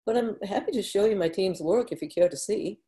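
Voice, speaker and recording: A woman reading a story aloud, voicing a gentle, soft-spoken male weaver in a calm, lightly amused way. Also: medium pitch, fairly quick, lightly acted.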